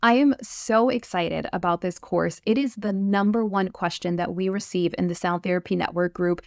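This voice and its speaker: A woman's voice: fairly low pitch, moderate pace, vocal fry, hardly any pauses, no room sound, clean studio sound. A woman hosting and promoting her sound therapy course, talking with upbeat eagerness. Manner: upbeat, eager, fillers and restarts. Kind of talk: enthusiastic course promo chat.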